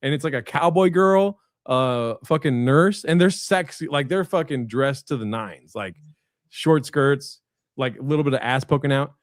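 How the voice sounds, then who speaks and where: A man at an ordinary, middle pitch spins a long, meandering anecdote over a video call, peppered with "like," "um" and casual swearing. His voice sounds close and dry. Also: normal speed, no echo. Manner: rambling anecdotes with frequent fillers and profanity. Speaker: guest comedian. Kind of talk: casual storytelling chat.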